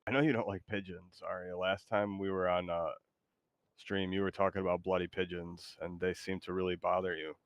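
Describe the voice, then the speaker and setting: A man's voice: deep voice, little pitch movement, brisk, no echo, clean studio sound. A man streaming a game, talking in a laid-back, hesitant, joking way to his AI sidekick. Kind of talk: casual gaming stream chat.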